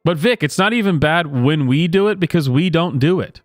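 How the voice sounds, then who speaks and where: A man's voice: on the high side, expressive, moderate pace, dry recording, studio quality, faint music behind. A man doing sarcastic reaction commentary, sardonic and incredulous, with chuckling asides. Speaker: online commentator.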